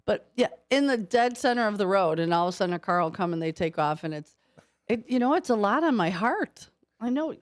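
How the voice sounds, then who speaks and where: A woman's voice: medium pitch, brisk, no echo. Playful female radio morning host, dry sound. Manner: playful storytelling, chatty and animated. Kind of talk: casual morning radio chat. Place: radio studio. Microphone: studio microphone.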